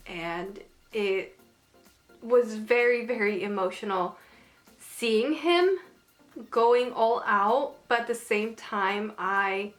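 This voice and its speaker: Speaking in a fairly high, slightly bright voice, this anime reviewer gushes emotionally through a casual review. She fills it with exclamations and fillers, repeatedly saying "like" and "oh my goodness."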